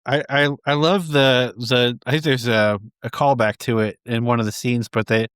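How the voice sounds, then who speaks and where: A man co-hosting a casual movie review chat, lively and quick to laugh at favorite lines. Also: medium pitch, clear, resonant tone, dry recording, studio quality. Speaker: co-host of a movie review show.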